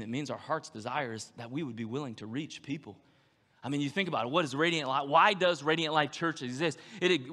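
A man preaching a sermon as a pastor, animated and acting out the voices of the people he quotes. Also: on the high side. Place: church sanctuary. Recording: long hall reverb.

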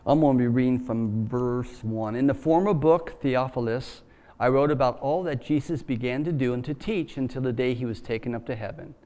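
A man preaches in a church in a relaxed, folksy way. He talks like he is chatting, full of fillers, asides and friendly slang. His voice sits at an ordinary middle pitch. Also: moderate pace. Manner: conversational, folksy, with many fillers. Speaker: pastor. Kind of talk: sermon.

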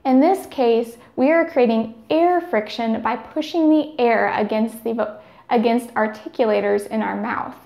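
Woman, speech therapy teacher, slow and careful, gravelly edge, echoey room. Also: on the high side, warm tone. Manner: slow, careful, demonstrating each sound. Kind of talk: scripted instructional narration.

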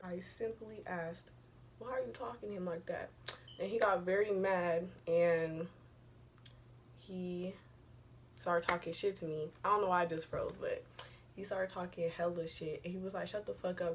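A woman's voice: on the low side, a little hiss or hum. A young woman vlogger telling a personal story in a casual, rambling, profane way, full of slang.

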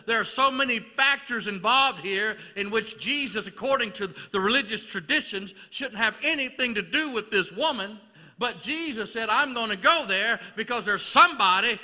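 High, bright preacher man in a hall. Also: lively intonation, normal speed. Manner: rhythmic repeated questions, building to shouts. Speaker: evangelist preacher. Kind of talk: sermon. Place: church sanctuary. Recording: long church hall reverb.

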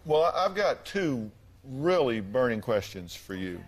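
A man's voice: medium pitch, very animated, a little slow, slightly rough. A man hosting a studio talk show and pressing a guest with pointed questions.

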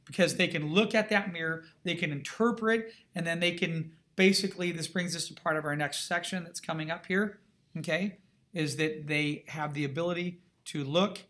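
A middle-aged art instructor gives a classroom lecture in an emphatic, conversational way, checking in with his students often. His voice is on the high side and fairly bright, at a moderate pace.

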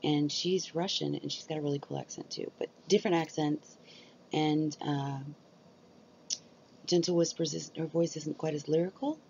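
A woman's voice: sits low, fairly even intonation, moderate pace, gravelly, a little mellow, highs cut off, slight background noise. A woman vlogger chatting casually and rambling. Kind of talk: casual chat about ASMR.

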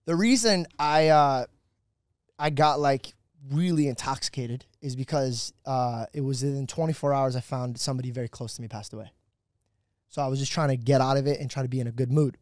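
A man's voice: mid-range voice, fairly quick, dry recording, clean studio sound. A man co-hosting a podcast, telling his side of a story with laughs and plenty of swearing. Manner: laughing, expletive-heavy banter. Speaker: podcast co-host. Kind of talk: casual storytelling.

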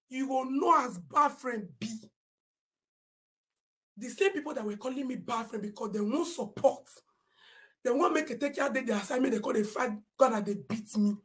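Nigerian woman live-streamer, high and indignant, loud Pidgin rant. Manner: animated and indignant, often shouting and reading comments aloud.

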